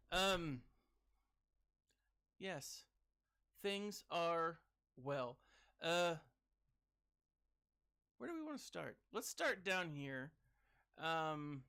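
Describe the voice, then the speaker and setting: Bright, unhurried excitable male gamer. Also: on the high side, smooth. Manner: chatty and excitable, with sudden whoops and greetings to viewers. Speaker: game streamer reading live chat. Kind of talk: casual gaming commentary.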